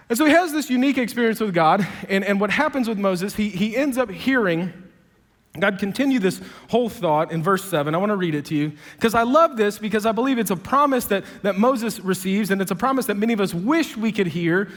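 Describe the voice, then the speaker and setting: A man's voice: sits high, expressive, a little fast, fairly bright tone. A male pastor preaching a sermon in a casual, conversational, humorous way. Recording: long hall reverb.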